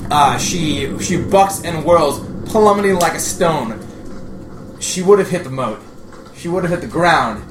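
Player, male, halting tabletop narration, echoey room with audible background noise. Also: fairly high pitch, lively intonation. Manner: halting, many fillers and restarts. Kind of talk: narrating his character's actions in a tabletop game.

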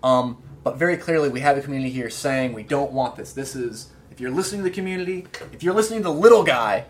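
A man playing a tabletop game who lays out his character's argument in halting, filler-heavy speech. Faint noise sits behind his voice. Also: medium pitch, lively intonation. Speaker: player.

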